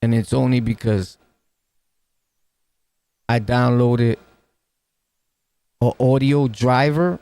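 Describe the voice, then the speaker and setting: A reaction streamer with a New York accent talks right up on the mic, commenting casually on clips with plenty of street slang and laughing asides. His medium-pitched voice is mellow and smooth, fairly even in intonation, and slow, with long pauses and no echo.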